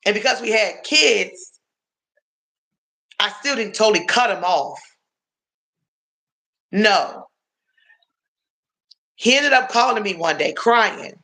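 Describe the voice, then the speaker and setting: A woman's voice: mid-range voice, animated, slow pace, pauses often, pushed and bright. A middle-aged woman from Washington, D.C., telling viewers about her past on a livestream in an earnest, confiding way. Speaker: livestream host sharing her story. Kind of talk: emotional personal testimony on a livestream.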